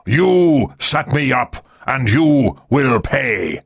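A man's voice: medium pitch, big pitch swings, very slow, vocal fry, slightly rough, voice pushed up, full character voice. A man doing a furious, blunt navy admiral. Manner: thundering, blunt. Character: angry male naval admiral, commanding.

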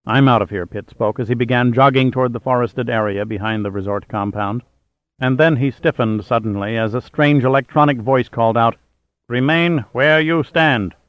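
A man reading a thriller audiobook aloud in steady, even storytelling narration. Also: mid-range voice, no room sound. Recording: tinny phone-like sound.

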